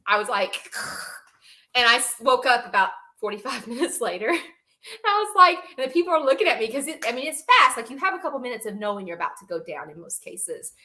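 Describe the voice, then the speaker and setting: A woman's voice: on the high side, very animated, fairly quick, pushed and bright. A young woman on a podcast, telling stories animatedly and laughing often between sentences. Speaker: podcast guest, reptile breeder. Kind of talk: casual storytelling chat.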